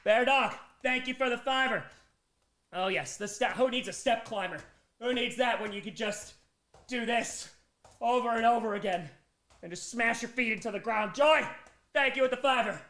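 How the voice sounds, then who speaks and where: A very high male voice, pushed and bright at a moderate pace, rings through an echoey room. It belongs to a streamer running a charity stream for a full day, exhausted, thanking donors individually and wavering between excited hype and weary mumbles.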